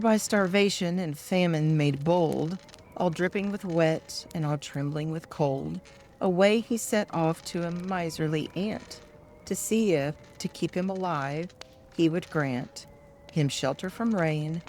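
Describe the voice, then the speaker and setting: An older woman gently reading children's poems aloud at bedtime, soft-spoken and calm. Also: low-pitched, slight background noise. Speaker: storyteller.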